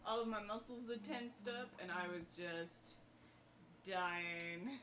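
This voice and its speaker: A woman's voice: mid-range voice, takes it slowly, fairly bright tone, reverberant, a little hiss or hum. A woman joining a game stream, chatting and laughing casually as she rambles through a story. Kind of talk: casual chat.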